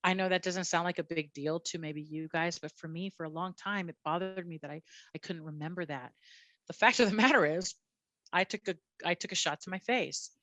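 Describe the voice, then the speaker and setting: Bright-voiced woman telling a blunt story. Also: lowish voice, a little fast, dry recording. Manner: animated, blunt, repeats phrases while telling. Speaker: police officer guest. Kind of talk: candid personal storytelling.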